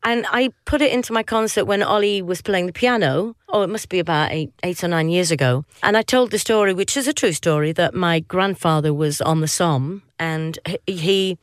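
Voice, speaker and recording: A woman's voice: lowish voice, moderate pace, hardly any pauses, no echo. A woman with a Yorkshire accent, a singer chatting as a guest in an interview, laughing and wandering into asides. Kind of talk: casual interview chat.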